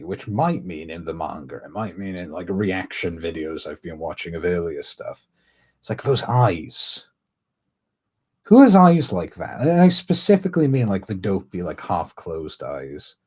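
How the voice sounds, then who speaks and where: A man's voice: low-pitched, darkish tone, slightly rough. A man streaming a casual reaction, rambling, musing aloud and laughing often. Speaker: streamer reacting to a comic chapter.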